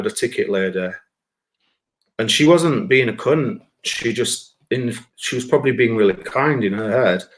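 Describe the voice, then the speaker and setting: A man, a musician and comedian, talking bluntly and with a lot of swearing on a live stream, acting out the voices in his stories. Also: on the low side. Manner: blunt, sweary, animated storytelling with acted-out voices. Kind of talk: casual chat on a live stream.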